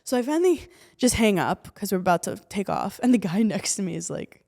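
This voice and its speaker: A woman's voice: medium pitch, a little fast, gravelly. A woman co-hosting a podcast, telling a story in casual chat and acting out the people in it. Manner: animated storytelling, acts out quoted people. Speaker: podcast co-host.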